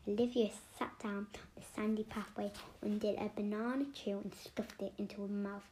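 A woman's voice: medium pitch, level tone. Woman whispering a storybook. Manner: slow, hushed storybook whisper. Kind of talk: whispered role-play.

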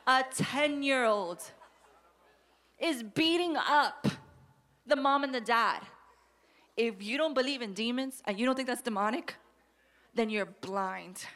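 Animated woman pastor preaching. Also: on the high side, slow pace, pauses often. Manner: animated, acts out quoted voices, switches between soft asides and loud emphasis. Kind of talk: sermon.

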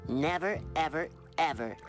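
A man voicing a stubborn cartoon sea sponge who refuses to leave his house, in a high nasal voice over cartoon music. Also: normal speed, close to an everyday voice. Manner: insistent, exasperated. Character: cheerful young male sea sponge, stubborn homebody.

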